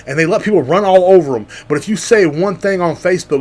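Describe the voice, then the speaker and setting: A man's voice: high-pitched, fast talker, a little mellow, slight background noise. A man from Central Texas, hosting a podcast in a casual, rambling and heavily profane rant with a sarcastic edge. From Central Texas, USA. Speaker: podcast host. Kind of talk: casual ranting monologue.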